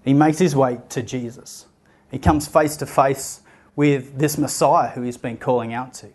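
A man's voice: mid-range voice, fairly even intonation, moderate pace, darkish tone. A young man giving a sermon, telling a story and acting out the voices of the people in it. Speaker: preacher.

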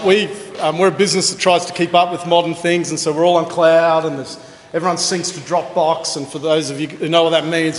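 A fairly high-voiced Australian man preaching in a church hall, his voice ringing back off the walls with a long reverb tail. His talk is chatty and joking, and he pokes fun at himself as he tells stories to the congregation. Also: slight background noise. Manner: chatty, joking, self-deprecating. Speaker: pastor. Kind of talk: conversational sermon with anecdotes.

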